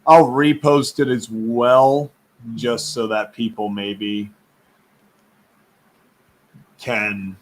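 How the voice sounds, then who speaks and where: A man's voice: medium pitch, steady tone, drawn-out words, long pauses. A man hosting a casual live sports stream, chatty and rambling, laughing often, who says his voice is going.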